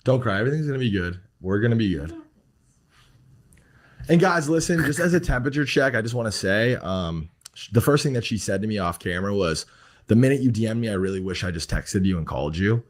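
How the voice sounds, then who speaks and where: A man's voice: on the low side, expressive, fast. A man hosting a podcast, loose and joking, reassuring his guest. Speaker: podcast host. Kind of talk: casual podcast talk.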